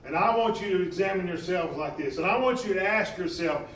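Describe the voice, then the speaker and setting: A man preaching a sermon in a church, impassioned, swinging between loud emphasis and quieter stretches. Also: sits high, fairly quick. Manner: impassioned, rising and falling in emphasis. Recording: echoey room from a distance.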